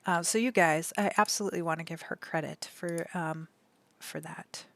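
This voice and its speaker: A young woman streamer talks to her chat in a gentle, emotional, rambling way, full of fillers and restarts. Her voice sits a little low for a woman. The sound is dry and close, from a desk microphone at home. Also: steady tone, moderate pace, no room sound. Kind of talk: casual live-stream chat.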